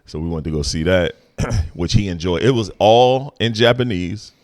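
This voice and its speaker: Man, very low voice, podcast host, casual chat, animated, laughs a lot, close dry sound. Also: moderate pace, no echo. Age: adult parent. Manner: animated, laughs easily, repeats phrases for emphasis.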